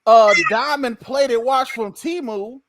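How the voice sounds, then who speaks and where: A man's voice: very high voice, takes it slowly, crowd noise, rough recording. A man hosting a podcast, trading jokes in loose, boastful casual banter and laughing often. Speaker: podcast host.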